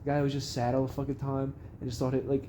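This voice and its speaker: A man's voice: medium pitch, completely flat delivery, quick pace, mellow, slight background noise. A young man casually rambling through a recap of a TV episode, swearing often and laughing at the funny parts. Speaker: vlogger recapping a show.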